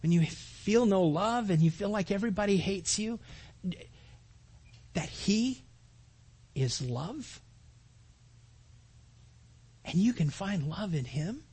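A man delivers a sermon in a somewhat high, husky voice. He speaks earnestly, repeats key phrases, and swells to forceful, emphatic climaxes before dropping back to a gentler tone. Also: lively intonation, slow, long pauses. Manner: earnest preaching, repeats phrases and rises to loud emphatic peaks. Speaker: pastor.

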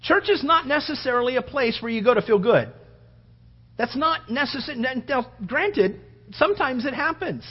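A male pastor preaching a sermon with fervor, repeating phrases for emphasis and swinging between loud and soft. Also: extremely high pitch, expressive, moderate pace, slightly rough. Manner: fervent, repeats phrases for emphasis, rising and falling delivery. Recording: dull lo-fi sound with long hall reverb.

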